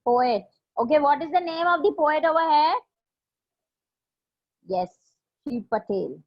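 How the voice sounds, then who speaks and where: High-voiced Indian English teacher online. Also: female voice, big pitch swings, unhurried, pauses often. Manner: repeats questions, patient and encouraging. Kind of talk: online class lesson. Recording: dull lo-fi online class audio.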